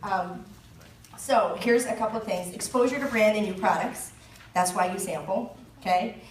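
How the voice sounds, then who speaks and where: Chatty woman in her thirties, team leader giving a sales training talk; jokey, quick to laugh, voice picked up from a distance in an echoing room with faint ambience. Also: mid-range voice, slight background noise. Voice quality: chatty, joking, laughs often. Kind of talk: chatty live presentation. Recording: roomy echo, mic at a distance, faint ambience.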